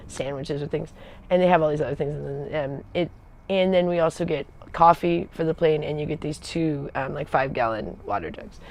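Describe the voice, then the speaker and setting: A woman's voice: low-pitched, a little mellow, a little hiss or hum. A woman telling a casual story in a loose, rambling way. She wanders off on side paths, loses her thread and laughs often as she goes. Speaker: Air Force veteran telling stories on a livestream.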